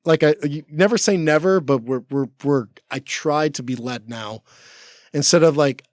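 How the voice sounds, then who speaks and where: A man in his forties tells stories in a loose, rambling way, with lots of "like." His voice sits a touch higher than most men's. He plays out what each person said, and the studio sound is dry and close. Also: moderate pace, no echo. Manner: rambling, full of 'like', acts out quoted talk. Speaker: podcast guest, former Navy SEAL. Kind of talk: casual storytelling chat. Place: podcast studio.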